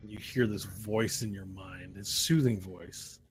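A man's voice: low-pitched, steady tone, unhurried. A man running a tabletop role-playing game as dungeon master, narrating scenes with vivid sound effects and frequent restarts.

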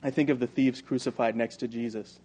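Male audiobook narrator, mid-range voice, even and measured first-person storytelling. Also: mid-range voice, highs cut off. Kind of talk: first-person novel reading.

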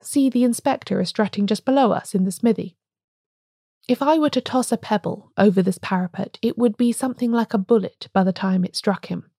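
A woman voicing a calm, grave old priest-detective in a storybook reading, speaking quietly and gently. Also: mid-range voice, brisk, husky, no echo, clean studio sound.

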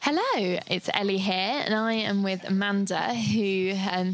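A woman hosting a podcast, upbeat and quick with small reactions. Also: medium pitch, soft background music, poor audio. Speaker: podcast host. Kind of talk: casual podcast chat.

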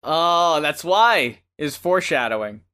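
A man's voice: on the high side, lively intonation, a little slow, pushed and bright, clean tone. A man co-hosting a podcast, chatting casually and joking with a laid-back, swearing manner. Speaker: podcast co-host reviewing albums. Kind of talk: casual chat.

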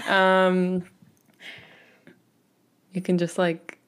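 A woman's voice: lowish voice, completely flat delivery, drawn-out words, a little hiss or hum. A woman co-hosting a podcast in casual chat, amused and laughing along with chatty reactions. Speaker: podcast co-host.

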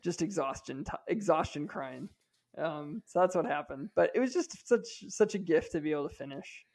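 A man's voice: fairly high pitch, expressive, moderate pace, darkish tone. A man in his thirties, a podcast co-host, telling a personal story in a chatty way with lots of fillers and restarts. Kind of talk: casual storytelling.

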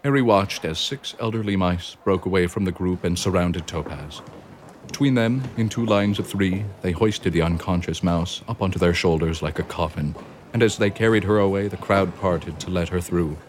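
Deep male storybook narrator, steady and expressive; faint hiss. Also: normal speed.

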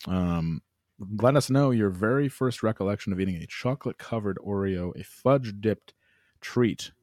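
A man's voice: on the low side, normal speed, no room sound, clean studio sound. A young adult man co-hosting a casual comedy podcast, telling stories with acted-out voices and plenty of swearing. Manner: animated storyteller, acts out voices, swears freely. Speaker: podcast co-host.

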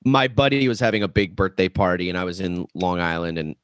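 A man's voice: sits low, expressive, a little fast, no room sound. A young man, a podcast guest, telling a candid, profane story in casual chat.

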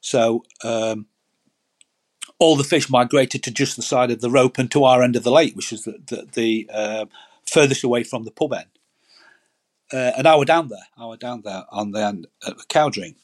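A man's voice: mid-range voice, moderate pace. A man, telling rambling stories as a guest in a casual chat, often repeating words. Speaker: guest angler.

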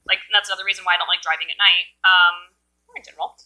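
A woman's voice: fairly low pitch, little pitch movement, very fast, pushed and bright, poor audio. A woman in her thirties chatting casually as a podcast co-host, rambling with lots of fillers and self-deprecating asides. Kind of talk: casual chat.

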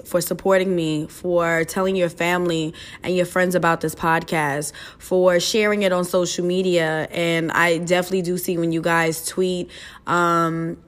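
A young woman hosts her podcast in a casual, rambling chat, cursing freely and tripping over her words. Her voice sits a little low for a woman. She laughs at herself as she goes. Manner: chatty and loose, swears freely, fillers and restarts, laughs at herself. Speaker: podcast host.

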